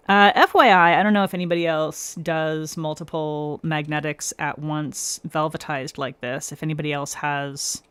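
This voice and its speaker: In a low, smooth voice with no room sound, a woman hosts a nail art stream. It's relaxed live chat: she calls out viewers by name, laughs frequently, and walks through every step as she goes.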